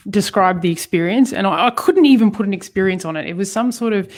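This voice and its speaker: A woman's voice: mid-range voice, fast talker. A woman co-hosting a personal talk about healing, telling stories with lots of fillers and frequent laughter. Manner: animated storytelling, laughs often, frequent fillers. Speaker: co-host.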